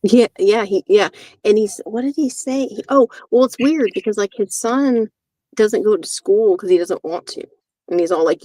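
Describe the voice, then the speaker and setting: A woman's voice: mid-range voice, normal speed, dark tone, no echo. A woman hosting a casual livestream chat, rambling and gossiping with friends and mimicking other people. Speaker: livestream host.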